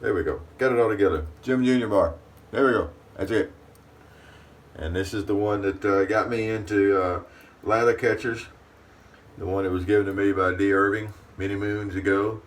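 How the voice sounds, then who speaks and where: Folksy low-voiced man, distant mic. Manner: folksy, talks about himself in third person. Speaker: shaving channel host. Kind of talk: casual chat to camera. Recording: distant mic with faint room noise.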